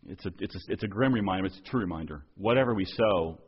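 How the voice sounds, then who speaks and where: A low-pitched, husky man preaches a sermon in an earnest, pressing way, often doubling back on words as he goes. The recording is dull and lo-fi, with the top end rolled off. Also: animated, very fast. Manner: earnest, repeats and restarts words while preaching. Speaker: pastor.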